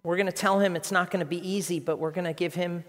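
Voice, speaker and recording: A man in his fifties, a pastor preaching a sermon with animated, emphatic storytelling. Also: high voice, fast, in a large hall. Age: 50s.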